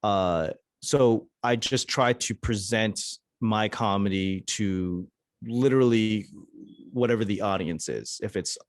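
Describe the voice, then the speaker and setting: A man's voice: lowish voice, slow pace, no echo, clean studio sound. A man with a Boston accent, a stand-up comedian chatting casually as a podcast guest.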